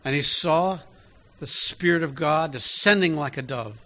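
A man's voice: a little high, a little slow, pushed and bright. A man preaching a sermon in an easy, conversational way, often asking his listeners direct questions.

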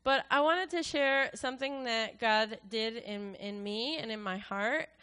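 A woman sharing a personal testimony with her congregation, speaking emotionally and haltingly with many fillers and restarts. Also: fairly high pitch, pushed and bright, clean tone. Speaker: church worship leader.

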